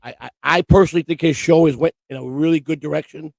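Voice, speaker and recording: A man's voice: fairly high pitch, steady tone, fast, vocal fry, a little mellow, dry recording, poor audio. A man co-hosting a casual live-stream chat, stammering and repeating himself as he teases his co-host.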